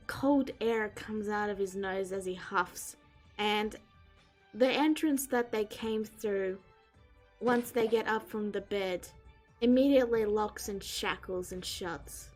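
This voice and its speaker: A woman narrating a tabletop game as game master, lively and expressive. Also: medium pitch, slow, faint music behind, rough recording.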